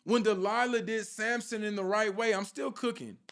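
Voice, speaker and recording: A man's voice: sits high, steady tone, normal speed, fairly bright tone, clear, resonant tone. A man preaching an informal sermon with fervour, firing rhetorical questions at his listeners and repeating a question for emphasis.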